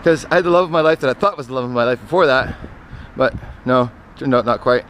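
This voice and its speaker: Man, mid-pitched, casual storyteller, rambling and self-correcting; outdoor take with clear traffic noise. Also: quick pace, a bit bright. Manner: meandering, self-correcting, trails off into asides. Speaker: vlogger telling personal stories.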